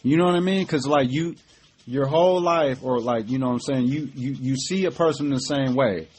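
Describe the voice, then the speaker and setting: A man's voice: medium pitch, brisk, a little mellow, a little hiss or hum. Emphatic middle-aged man, cussing freely. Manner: emphatic, profane, conversational with frequent fillers. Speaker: podcast host. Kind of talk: casual political commentary.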